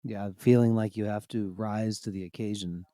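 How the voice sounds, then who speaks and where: A man in casual podcast chat, speaking reflectively and with measured phrasing. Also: fairly low pitch, steady tone, warm tone, no room sound, studio quality. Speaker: podcast co-host, former bass player.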